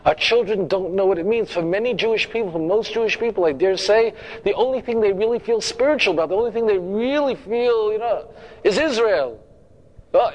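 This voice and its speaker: Emphatic male rabbi, higher voice. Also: low-quality recording. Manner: emphatic, repeats phrases for effect; humorous asides, direct questions to audience. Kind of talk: sermon-style lecture.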